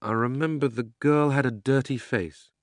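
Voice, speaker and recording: A man reading an audiobook, voicing a relaxed, easygoing young boy. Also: medium pitch, moderate pace, no echo, clean studio sound, pitched above the performer's own voice, close to an everyday voice. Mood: musing.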